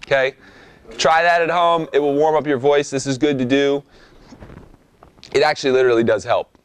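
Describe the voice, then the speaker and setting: In an instructional talk, a young rap vocal coach demonstrates techniques in a relaxed, hands-on manner, regularly pausing to ask his listeners "okay?" He speaks at normal speed in a steady tone, with a voice at an ordinary middle pitch.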